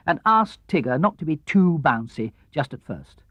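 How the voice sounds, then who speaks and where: Expressive male narrator for a children's audiobook, animated pitch, dull, dry 1970s LP sound. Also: unhurried, hardly any pauses, faint music behind. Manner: lively, expressive, drops low and soft for narration tags. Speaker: audiobook reader. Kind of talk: storybook narration.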